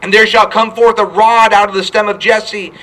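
A man's voice: high-pitched, fairly even intonation, moderate pace, bright, forceful tone, poor audio. A male pastor preaching a fervent sermon, quoting scripture and repeating his points.

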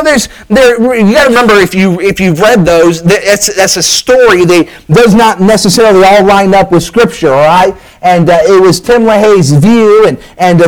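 A pastor, preaching in a folksy, chatty way with frequent "all right?" asides. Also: male voice, high voice, low-quality recording. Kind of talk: sermon.

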